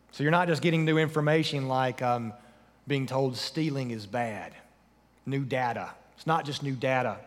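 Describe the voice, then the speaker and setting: A man delivers a sermon at an unhurried, deliberate pace, his mid-range voice carrying a long reverb tail. He poses rhetorical questions and sinks his voice low to press a point home. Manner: measured preaching with rhetorical questions, dropping low for emphasis. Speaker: pastor.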